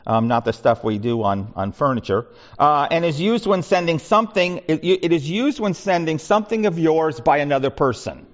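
A man's voice: a little high, normal speed. A man leading a Bible study, talking conversationally with frequent restarts and asides. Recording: muffled lo-fi recording.

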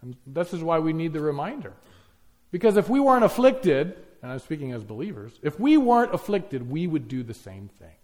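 A man's voice: fairly high pitch, big pitch swings, fairly quick, a little mellow. A man preaching a sermon, emphatic, piling up lists and rhetorical questions.

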